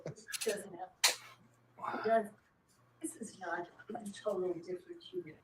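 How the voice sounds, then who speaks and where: A woman testifying as a witness under cross-examination, speaking haltingly and often trailing off. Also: fairly low pitch, slight background noise. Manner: halting, trails off mid-sentence. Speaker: defense witness. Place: courtroom. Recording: echoey courtroom audio from a distant mic.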